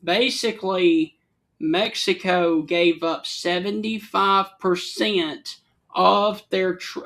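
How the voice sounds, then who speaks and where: A man's voice: high-pitched, steady tone, slow pace, a bit bright. A man from Alabama with a Southern accent, co-hosting a casual talk show and telling stories in an easygoing way. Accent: Southern American. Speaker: co-host. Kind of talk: casual chat.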